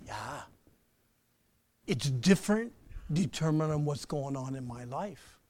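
A man preaching a sermon, swinging between loud emphatic bursts and soft, slow asides, and putting questions to his listeners. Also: on the high side, expressive, dry recording. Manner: asks the audience questions. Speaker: pastor.

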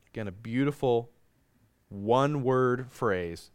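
A male pastor delivers a sermon in a smooth, resonant voice of middle pitch. He reads scripture aloud and prays earnestly. The recording is close and dry. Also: no echo. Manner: earnest preaching, slows and drops soft in prayer; reads scripture aloud in old-fashioned wording. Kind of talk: sermon with scripture reading and prayer.

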